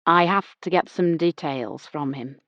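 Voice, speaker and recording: A woman's voice: low voice, a little slow, a bit bright, dry recording, lo-fi sound. A woman voicing a polite, mild-mannered young male police constable in an audiobook. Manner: mild, courteous.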